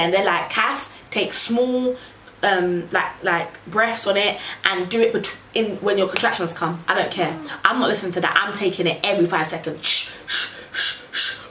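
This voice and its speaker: A young woman telling a personal story to camera in a casual, animated way, acting out what people said. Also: mid-range voice. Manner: animated, acts out quotes in raised voices. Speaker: vlogger. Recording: echoey room, faint noise.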